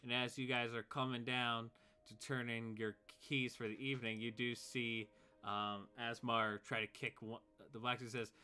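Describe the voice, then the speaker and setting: A man narrating as game master in a tabletop game, relaxed and loose with many fillers. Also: medium pitch, moderate pace, clean tone.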